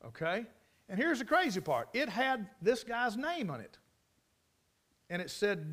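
A man's voice: sits high, very animated, a little slow, long pauses, fairly bright tone. A man preaching a sermon, telling stories in a folksy, emphatic way and repeating key phrases. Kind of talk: storytelling sermon.

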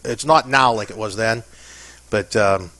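A Pennsylvania man with a fairly low voice tells long, chatty stories in a casual interview. He pokes fun at himself as he goes, and the recording is dry and close with no room sound. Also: unhurried, bright, forceful tone, no room sound. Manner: chatty anecdotal storyteller, self-deprecating. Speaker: interview guest.

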